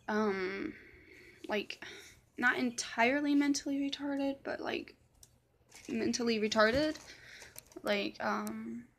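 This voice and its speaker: Gravelly-voiced young woman, rambling and profane. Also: mid-range voice, slight background noise. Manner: rambling, profane, full of fillers; drops to a whisper for quotes. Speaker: vlogger. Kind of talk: casual storytime monologue.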